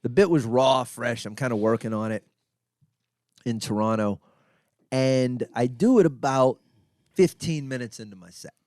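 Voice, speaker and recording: A man's voice: mid-range voice, normal speed, pauses often, a little mellow, no echo, clean studio sound. A man co-hosting a podcast, telling rambling, profane stories in casual chat. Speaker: podcast co-host, comedian. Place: podcast studio.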